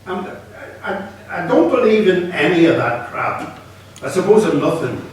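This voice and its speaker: A man voicing an exasperated young man held at gunpoint, speaking in high, incredulous outbursts. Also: big pitch swings, unhurried, a little hiss or hum. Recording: echoey hall, from far off.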